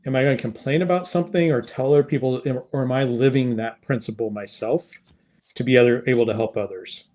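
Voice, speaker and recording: A man's voice: mid-range voice, fast, a little mellow. A man guest on an interview podcast, talking casually with many fillers and restarts as he tells a story. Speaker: podcast guest, sales consultant.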